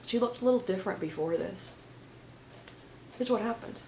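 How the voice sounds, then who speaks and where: A woman hosting her own channel, talking to camera in a soft-spoken, meandering, conspiratorial monologue. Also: medium pitch, normal speed, slight background noise. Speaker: channel host. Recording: roomy, slightly dull home recording.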